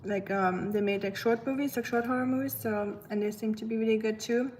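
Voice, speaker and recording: Rambling woman streamer, slightly high voice. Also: fairly even intonation, a little fast, a little mellow, a little hiss or hum. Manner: rambling, heavy use of filler words. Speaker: live streamer. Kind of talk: casual livestream chat.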